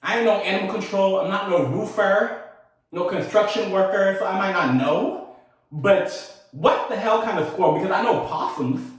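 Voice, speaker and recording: A man hosting a casual storytime, telling a personal tale in a sassy, animated way with laughing asides. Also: high-pitched, normal speed, very echoey, recorded from a distance. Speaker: storytelling host.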